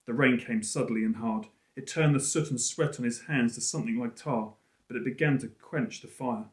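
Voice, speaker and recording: Man reading a story in a roomy room. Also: medium pitch. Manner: expressive, lively read-aloud. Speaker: teacher reading aloud. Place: school room. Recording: roomy echo.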